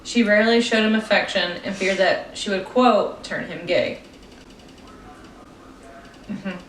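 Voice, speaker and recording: A woman's voice: mid-range voice, unhurried, far from the mic. A young woman co-hosting a casual true-crime podcast, reading her notes aloud and breaking into giggles and stumbles. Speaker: podcast co-host. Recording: roomy echo, voice off-mic, faint room noise.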